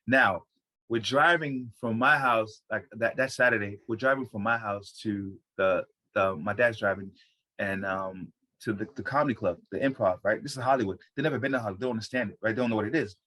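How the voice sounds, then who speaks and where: An American man, a stand-up comedian, telling a story in casual chat, profane and full of restarts. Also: fairly low pitch. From United States. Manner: fast, profane, animated storytelling with many restarts.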